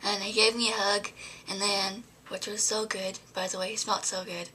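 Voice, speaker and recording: A woman's voice: mid-range voice, flat delivery, moderate pace, pushed and bright, husky. A young adult woman vlogging, telling a story to camera in a rambling way, full of fillers and often dropping to a whisper.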